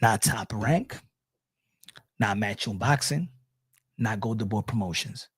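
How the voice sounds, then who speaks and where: A man's voice: lowish voice, takes it slowly, husky, dry recording, clean studio sound. A man giving a casual boxing opinion rant, blunt, profane and mocking. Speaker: boxing commentator.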